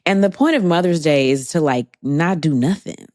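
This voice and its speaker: A woman's voice: sits low, normal speed, darkish tone, dry recording, studio quality. A woman co-hosting a podcast, chatting candidly and wryly about her week. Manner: candid, wry, rambling. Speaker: podcast co-host. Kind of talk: casual chat.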